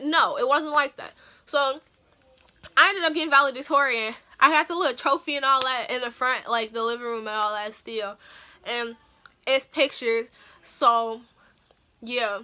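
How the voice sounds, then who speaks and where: A young adult woman vlogger telling a story in a casual, animated, slangy way. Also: high voice, normal speed.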